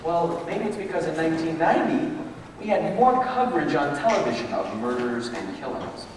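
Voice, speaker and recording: A man's voice: on the high side, moderate pace, a little hiss or hum. A man giving an emphatic live motivational talk in a large hall. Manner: animated, emphatic storytelling. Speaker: motivational speaker. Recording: echoey hall, distant mic.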